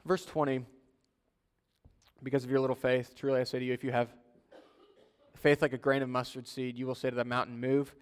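A male pastor delivers an earnest sermon in a sanctuary with a long, ringing reverb. He rises to loud, pressing exhortation, then drops to a quiet, low plea. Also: flat delivery, fairly quick, long pauses, smooth. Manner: earnest, swinging from loud urging to soft low pleading.

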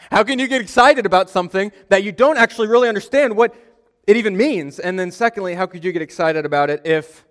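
A young man gives a sermon as pastor, his voice sitting a little higher than most men's. He talks in a loose, conversational way, telling stories and poking fun at himself. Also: a bit bright. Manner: conversational storytelling, self-deprecating humor.

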